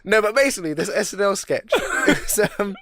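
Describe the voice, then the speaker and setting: A young man co-hosting a podcast, chatting in casual banter, animated and joking with frequent laughs. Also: high-pitched, brisk. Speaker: podcast co-host.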